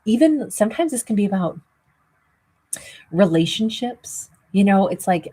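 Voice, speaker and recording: A woman's voice: medium pitch, animated, normal speed, warm tone, husky. A woman host giving a casual tarot reading, wheezy and rambling, with plenty of fillers. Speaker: tarot reader.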